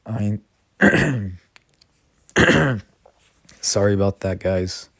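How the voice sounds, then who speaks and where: A man's voice: lowish voice, steady tone, very slow, pauses often, dry recording. A man casually retelling a fan story, rambling with constant fillers and self-corrections. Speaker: channel host.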